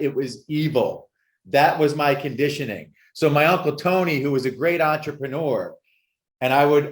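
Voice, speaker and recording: Guy coaching folks thru addiction, tells his story all emphatic and lively, normal pitch, kinda echoey room. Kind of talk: podcast interview storytelling. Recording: roomy echo.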